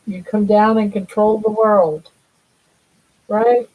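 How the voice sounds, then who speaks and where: Slow, husky older woman cooing. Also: mid-range voice, fairly even intonation, darkish tone, poor audio. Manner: coos to her pets in baby talk. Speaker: livestream host. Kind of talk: casual livestream chat.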